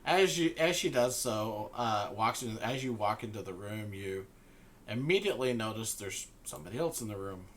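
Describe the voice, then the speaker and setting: A man's voice: fairly low pitch, lively intonation, moderate pace, slight background noise. A man narrating a tabletop game as game master, searching for words with many fillers.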